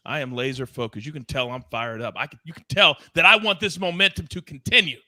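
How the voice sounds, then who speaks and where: An energetic man hosts a live sports betting show with a very bright, forceful voice that sits fairly high. He sounds dry and close to the mic, pumped up and playful with his viewers. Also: fast, few pauses, dry recording. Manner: hyped, playful, reads viewer chat. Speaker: host.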